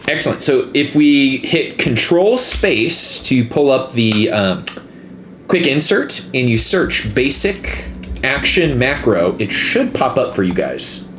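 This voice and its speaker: A man's voice: mid-range voice, very animated, slow, a bit bright. A man running a tabletop game as game master, talking with hesitant fillers. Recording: echoey room with faint noise.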